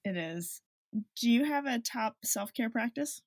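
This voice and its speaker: A woman's voice: a little high, expressive, unhurried, no room sound, clean studio sound. A woman hosting a podcast interview, asking short questions and laughing along with her guest. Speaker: podcast host. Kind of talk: casual interview chat.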